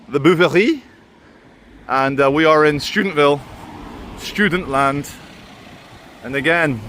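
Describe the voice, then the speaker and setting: A man's voice: mid-range voice, a bit bright. An English man walking through city streets, filming himself for viewers with mocking, chatty commentary. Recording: faint street noise outdoors.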